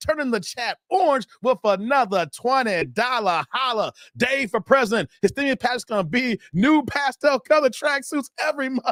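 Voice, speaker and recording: High-voiced laughing streamer man. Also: expressive, normal speed, hardly any pauses, fairly bright tone, no echo, clean studio sound. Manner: laughing, joking banter with chat. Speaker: livestream host. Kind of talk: casual live-stream chat.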